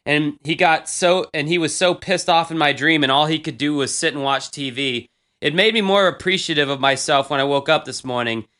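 A man's voice: on the high side, a little fast, bright, forceful tone. A man in his thirties, casually chatting as a podcast host, rambling and crude with self-mocking humor. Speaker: podcast host reading old diary posts. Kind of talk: casual chat.

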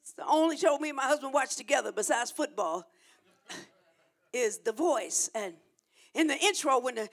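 Woman preacher, sermon; gravelly, emphatic, repeats lines for the crowd to echo. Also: high voice, animated, moderate pace, long pauses. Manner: emphatic, repetitive call-and-response preaching.

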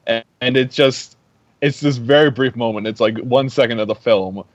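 A man's voice: medium pitch, normal speed, no room sound. A man co-hosting a casual movie podcast, explaining at length with many fillers. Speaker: podcast co-host. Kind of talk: casual chat about movies. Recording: dull, dry lo-fi mic.

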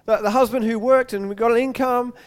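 A man's voice: extremely high pitch, fairly even intonation, fairly quick, clean tone, big-room sound, pitched above the performer's own voice. A man voicing a grieving widow who pleads for help, repeating herself. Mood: desperate.

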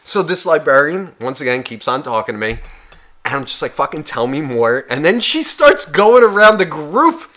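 Male podcast co-host, bright ringing tone, loose profane storyteller. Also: on the high side, moderate pace. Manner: rambling, heavy swearing, animated retelling.

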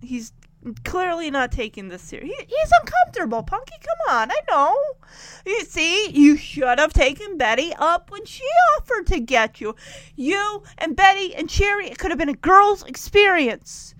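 Animated high-voiced woman recapping. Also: normal speed, dry recording. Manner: chatty, animated, exasperated asides. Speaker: tv episode recapper. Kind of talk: casual storytelling recap.

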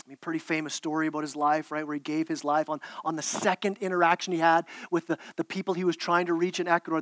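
A man's voice: on the high side, fairly bright tone, dry recording. A man preaching a sermon as pastor, earnest, with repeated words and restarts.

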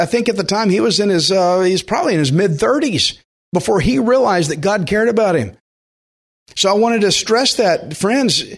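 A man preaching a sermon in an earnest, conversational way, slowing down to stress key points. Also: high voice, breathy edge. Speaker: pastor.

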